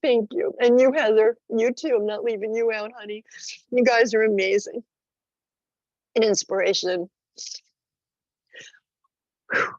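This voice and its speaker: A woman's voice: a little high, fairly even intonation, a little slow, pauses often, darkish tone, no echo, muffled recording. A woman speaking in an emotional, rambling tribute over a video call, tearful and full of fillers. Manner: gushing, rambling with many fillers. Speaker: friend calling in.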